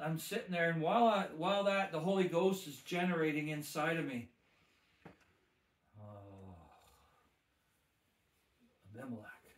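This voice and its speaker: A man's voice: fairly high pitch, roomy sound, a little hiss or hum. A man, a minister, telling his testimony with emphatic, preacher-like repetition. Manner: emphatic preacher, repeats phrases with rising force. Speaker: guest minister. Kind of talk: testimony storytelling.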